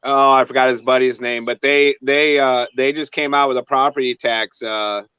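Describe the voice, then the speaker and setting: A man's voice: medium pitch, fairly even intonation, moderate pace, sharp tone, clear, resonant tone, no echo. A man hosting a casual chat, talking hesitantly with many fillers and restarts. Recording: dry, dull lo-fi sound.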